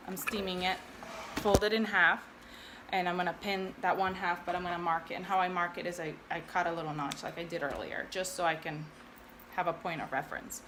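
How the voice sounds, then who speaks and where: A woman's voice: on the low side, sharp tone, a little hiss or hum. A woman hosting a casual sewing tutorial, chatting and thinking aloud with self-deprecating asides. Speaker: sewing video host.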